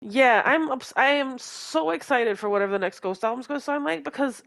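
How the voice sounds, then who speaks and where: A woman's voice: high voice, a little fast, creaky, fairly bright tone. A woman co-hosting a podcast in casual fan chat, rambling with many fillers and restarts and laughing often. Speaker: podcast co-host.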